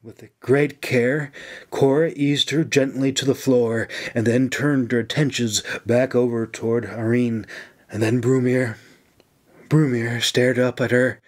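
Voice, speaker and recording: A man narrating his own fantasy novel in a slow, dramatic reading. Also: mid-range voice, steady tone. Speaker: author and audiobook narrator. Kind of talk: scripted audiobook narration. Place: home sound closet lined with blankets.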